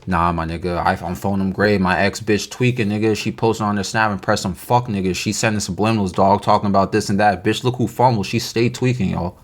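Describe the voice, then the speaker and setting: A man's voice: low voice, brisk, few pauses, fairly bright tone. A man voicing a brash young man who rambles and boasts in street slang. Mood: ranting.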